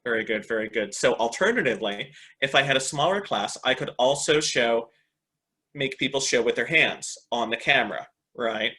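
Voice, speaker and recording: An upbeat man presenting a teacher webinar on a video call, with a bright, forceful voice. He keeps checking in with his listeners and praising their answers as he talks through a computer mic. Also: mid-range voice, lively intonation, normal speed. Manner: upbeat, repeats "excellent" and "right?" often. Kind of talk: online teacher training webinar.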